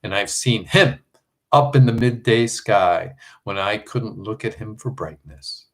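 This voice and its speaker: A man's voice: lowish voice, measured pace, close to an everyday voice. A man doing a stubborn, short-winded marsh creature, stout and defiant, in an audiobook. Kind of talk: audiobook character reading.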